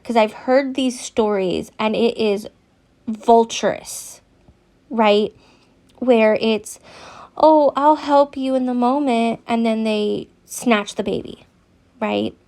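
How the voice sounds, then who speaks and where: Woman reading aloud with vocal fry. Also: fairly high pitch, steady tone, slow, dark tone. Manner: earnest, stops to react candidly. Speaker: adoptee reading a book aloud. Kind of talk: reading letters aloud with personal commentary.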